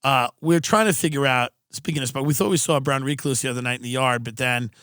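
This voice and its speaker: A man's voice: medium pitch, clear, resonant tone, no room sound, studio quality. Sardonic man telling a story. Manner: sardonic, animated anecdote-telling with quick asides. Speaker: podcast host. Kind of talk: comedic storytelling on a podcast.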